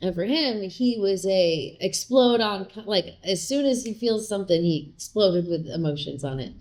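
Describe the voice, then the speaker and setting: A woman's voice: mid-range voice, normal speed. A woman guest speaking casually and candidly in an interview, often acting out the lines other people said. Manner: candid, animated, acts out quoted lines.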